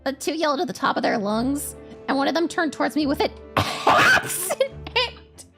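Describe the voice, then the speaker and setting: A woman's voice: sits high, sing-song, moderate pace, over loud music, pitched above the performer's own voice. A woman reading game text aloud in a cutesy, sweet voice as the young heroine narrating her own peril. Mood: earnest.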